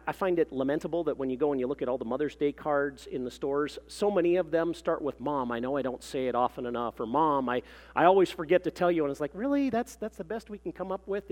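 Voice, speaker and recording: A man preaching a sermon as pastor, speaking in an earnest, reflective way. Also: a little high. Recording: reverberant hall sound.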